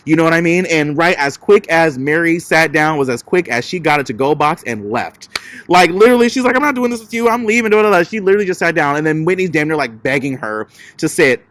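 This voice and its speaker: A man's voice: on the high side, lively intonation, fairly quick, a bit bright. A man giving a chatty, sassy recap of a reality TV episode, with lots of casual filler words. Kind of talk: casual gossipy commentary.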